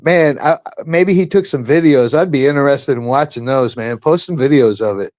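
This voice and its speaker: A man's voice: medium pitch, normal speed, darkish tone, dry recording. A man co-hosting a livestream, chatting in a laid-back way with chuckling interjections. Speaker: livestream co-host. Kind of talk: casual chat.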